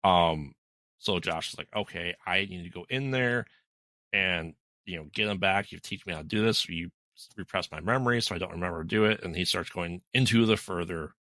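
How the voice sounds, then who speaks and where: Low, bright-voiced man recapping a movie. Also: fairly quick, no room sound. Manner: rambling plot retelling with many ums. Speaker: podcast co-host. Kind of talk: casual movie recap chat.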